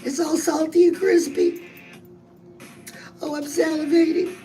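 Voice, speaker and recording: Peppy lady fitness coach, high voice, chatty and hyped, soft music behind. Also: flat delivery, a little slow, poor audio. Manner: bubbly, chatty, calls listeners "girl". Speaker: fitness and weight-loss coach. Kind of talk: upbeat motivational vlog.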